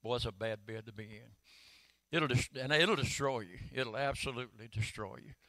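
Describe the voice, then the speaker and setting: An older man, preaching a sermon in a folksy storytelling way that swells into shouted calls. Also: medium pitch, moderate pace, no echo. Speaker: pastor.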